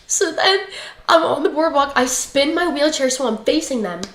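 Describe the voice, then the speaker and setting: A woman's voice: high-pitched, expressive, moderate pace. A young woman telling a story in a casual, blunt, chatty way, swearing freely as she talks. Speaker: livestream guest. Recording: roomy echoey room.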